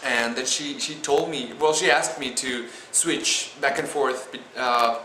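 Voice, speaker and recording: Young guy, spanish accent, bright voice, lots of "like" and restarts, echoey room with faint hiss. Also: medium pitch. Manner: halting, many restarts and "like" fillers. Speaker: student vlogger. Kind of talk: casual vlog chat. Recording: roomy echo with faint noise.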